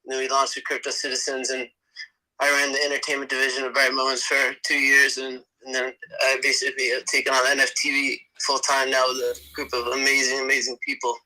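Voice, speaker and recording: A man's voice: medium pitch, completely flat delivery, fairly quick, pushed and bright, rough recording. A man who is a voice actor, speaking as a guest in an enthusiastic, rambling casual chat and laughing often.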